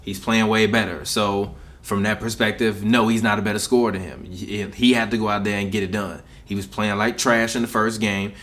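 A man's voice: lowish voice, steady tone, fairly quick, few pauses, a bit bright. A man co-hosting a casual basketball podcast, blunt and argumentative. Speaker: podcast co-host.

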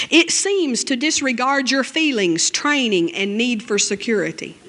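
A woman preaching a sermon and reading scripture aloud, emphatic and conversational, with her voice jumping up high on key phrases. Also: a bit bright. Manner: conversational asides, 'you know'.

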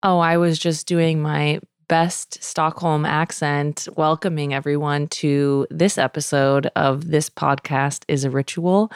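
A woman's voice: low voice, steady tone, slow, hardly any pauses, smooth, no room sound, clean studio sound. A playful woman chatting casually as a podcast co-host. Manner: playful, laughs easily. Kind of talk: casual chat.

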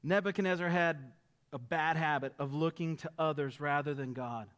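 High-voiced animated male pastor preaching. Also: normal speed. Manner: animated, rhetorical, keeps asking "right?". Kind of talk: sermon.

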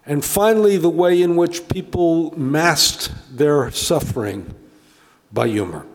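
A man's voice: on the high side, takes it slowly. A male historian giving a conversational public lecture, often stammering and restarting his sentences. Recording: long reverb lecture hall.

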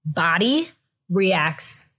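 A young woman telling a story in a casual chat, animated and laughing often, acting out the other people's voices. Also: drawn-out words, slightly rough. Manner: animated, acts out voices with big pitch jumps, laughs often. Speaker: guest telling a birth story.

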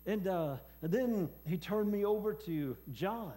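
A man preaching a personal testimony sermon, speaking haltingly with many fillers and repeated words. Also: high-pitched, expressive, dark tone. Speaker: preacher and former hospice chaplain.

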